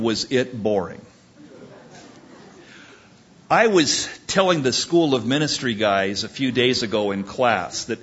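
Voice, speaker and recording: A male pastor preaches a sermon, building his points through emphatic storytelling. His voice sits at an ordinary pitch with a husky edge. The recording is dull and lo-fi. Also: a bit bright.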